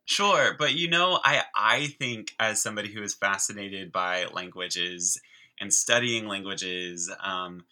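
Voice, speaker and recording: Brief: male podcast guest, lower register with a sharp bright edge, eager teacherly explainer. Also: measured pace, low-quality recording. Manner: enthusiastic, chatty explainer. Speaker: guest, sign language teacher. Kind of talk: conversational explaining.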